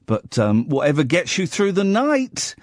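A man's voice: fairly high pitch, huge pitch swings, unhurried, no echo, studio quality. A man hosting a late-night radio phone-in, wry and teasing. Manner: wry, teasing, self-mocking. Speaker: radio host. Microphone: studio mic.

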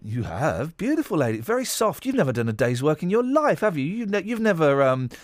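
A man hosting a radio show, his voice pitched a touch high and swinging widely up and down. He rambles and teases through his chat, close on a studio mic with a dry, dead sound. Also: brisk, dry recording. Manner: animated, rambling, teasing. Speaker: radio host.

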